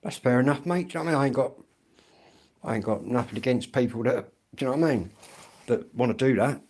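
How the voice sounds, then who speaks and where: A man's voice: medium pitch, fast, a little mellow. A middle-aged man from England, rambling bluntly in a casual livestream chat and swearing freely.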